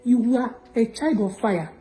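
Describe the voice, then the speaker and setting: A woman with a Nigerian accent giving an emotional church testimony, telling her story in an animated, breathless way. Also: a little high, a little slow, faint music behind, poor audio.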